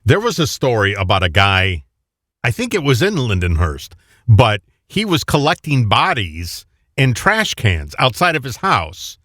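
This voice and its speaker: Slow, bright-voiced Long Island co-host. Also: medium pitch, wildly swooping pitch, dry recording, studio quality. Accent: Long Island New York. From Long Island, New York. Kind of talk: casual comedic chat.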